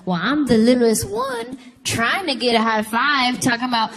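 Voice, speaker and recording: A woman's voice: fairly high pitch, animated, normal speed, fairly bright tone. A woman doing a stand-up comedy routine on stage, telling stories and acting out childhood voices. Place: comedy stage before a live audience. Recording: live show with crowd and noise.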